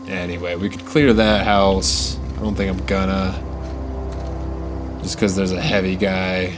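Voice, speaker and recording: Slow, low-voiced male game streamer. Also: little pitch movement, over music. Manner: wry, self-mocking, jokey asides. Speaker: gaming streamer. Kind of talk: casual let's-play commentary.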